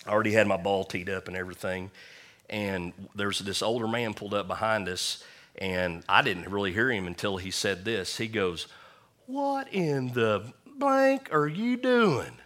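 Folksy preacher man, bright voice. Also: low-pitched. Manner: folksy storytelling with humor. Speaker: pastor. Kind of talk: sermon.

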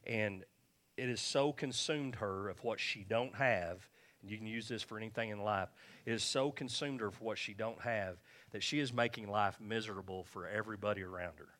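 Guy preaching, casual and repetitive, keeps asking the crowd if they're with him, lowish voice. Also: moderate pace, a bit bright. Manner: conversational, repetitive, checking in with listeners. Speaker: pastor. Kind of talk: sermon.

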